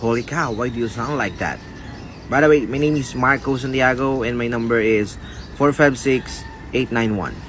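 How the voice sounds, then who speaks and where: A man's voice: mid-range voice, moderate pace, fairly bright tone, slight background noise, close to an everyday voice. A man playing a pushy, demanding male customer with internet trouble in a comedy sketch. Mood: impatient. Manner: pushy and impatient. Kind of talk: comedy sketch role-play.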